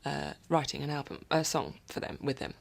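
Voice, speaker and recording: Rambly musician lady vlogging from the studio, kinda low gravelly voice, whispers bits. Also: fairly quick. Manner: chatty and rambling, slipping into whispered asides. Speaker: musician video blogger. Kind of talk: casual rambling video diary. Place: recording studio.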